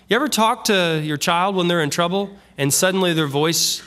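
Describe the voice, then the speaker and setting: A male pastor preaching a sermon with a voice pitched a little above the usual for a man. He talks earnestly and conversationally, bringing in vivid everyday examples to make his points. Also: normal speed, fairly bright tone. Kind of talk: expository sermon.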